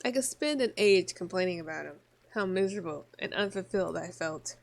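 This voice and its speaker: A woman voicing a languid noble countess while reading a visual novel aloud in voices, with a slow, drawn-out, mock-regal delivery. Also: fairly low pitch, animated, vocal fry. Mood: rueful.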